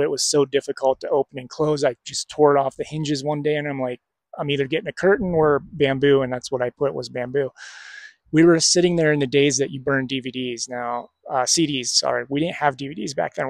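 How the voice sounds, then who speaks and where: A man at a middle pitch shares a personal story in a loose, rambling way. He uses fillers, restarts and small laughs. The sound is dry and close, with no room echo. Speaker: spiritual reader. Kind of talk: casual storytelling.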